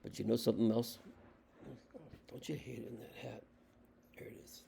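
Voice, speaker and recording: A man's voice: mid-range voice, level tone, normal speed, vocal fry, dark tone, slight background noise. A man from the United States giving an impassioned political monologue, emphatic and repetitive, firing off rhetorical questions. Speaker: political commentator.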